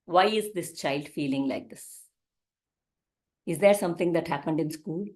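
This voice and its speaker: A woman's voice: deep voice, moderate pace, darkish tone. A woman teaching a parenting class in a conversational way, often asking rhetorical questions.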